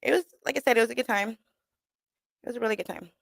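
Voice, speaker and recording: A woman's voice: fairly high pitch, brisk, gravelly, dry recording. A young woman hosting a talk radio show, telling stories in a casual rambling way, laughing often and swearing as she quotes people. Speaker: radio show host and comedian. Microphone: studio microphone.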